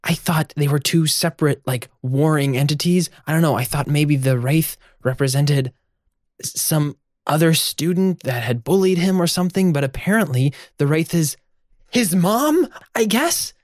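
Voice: mid-range voice, lively intonation, moderate pace, a little mellow, no echo, studio quality, voice pushed up, close to an everyday voice. A tabletop player voicing an anxious, rambling young ghost hunter in a raised, nervous voice.

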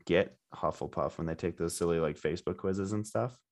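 A man's voice: deep voice, fairly quick. A man co-hosting a casual book podcast, musing aloud with hesitant restarts. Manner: musing, hesitant, full of fillers. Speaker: podcast co-host. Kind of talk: casual book-discussion chat.

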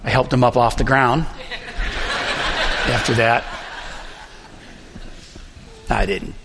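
A fairly young man preaching a sermon as pastor, telling a personal story earnestly with frequent pauses. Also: medium pitch, level tone, long reverb tail, background noise. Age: young adult.

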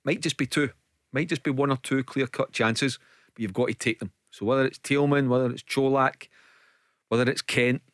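A man giving football analysis on a radio show, measured and prone to repeating words. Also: medium pitch, steady tone, a bit bright, no room sound, clean studio sound. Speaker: football pundit. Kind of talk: casual radio sports chat. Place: radio studio.

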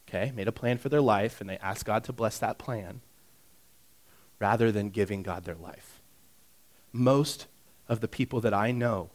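A pastor giving a conversational sermon, shifting between hushed asides and loud emphatic passages. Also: male voice. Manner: swings from hushed, intimate asides to loud, high-pitched emphasis; conversational, with fillers and direct questions to listeners.

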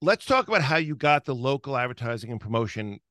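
A man hosting a podcast interview, joking and halting as he steers the conversation. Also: mid-range voice, very animated, a bit bright, dry recording, clean studio sound. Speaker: podcast host. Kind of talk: casual interview.

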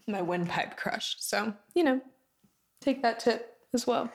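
A woman in casual, explicit chat, talking in an animated way, swearing and laughing often. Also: on the high side, slow pace. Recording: echoey room.

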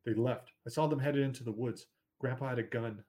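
A man's voice: medium pitch, fairly quick, dark tone, close to an everyday voice. A man voicing a young sister who speaks urgently and insistently in a storybook.

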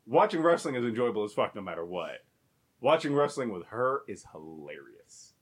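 A man's voice: fairly low pitch, big pitch swings, normal speed. A man in casual chat, telling stories animatedly, acting out quotes and laughing often.

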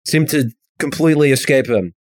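A man's voice: fairly high pitch, brisk, dry recording, studio quality. An American man co-hosting a podcast, chatting casually and rambling through jokes with some swearing and self-deprecation. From United States. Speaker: podcast co-host. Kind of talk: casual comedic chat.

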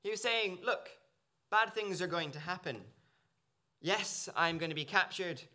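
Bright-toned earnest man preaching. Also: high voice, unhurried. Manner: earnest, searching, with small restarts. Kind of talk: sermon. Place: church.

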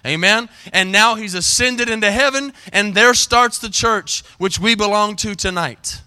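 A middle-aged man preaching a sermon from a church pulpit, his voice high and bright. He speaks with a smooth, resonant clarity and keeps drawing the congregation in with calls for an amen. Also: a little slow. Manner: preaching with call-and-response "amen" questions. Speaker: pastor. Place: church sanctuary.

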